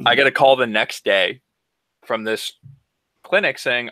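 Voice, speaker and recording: A man's voice: on the low side, normal speed, bright, forceful tone, no echo. A man co-hosting a podcast, telling an exasperated, profane story in casual chat. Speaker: podcast co-host.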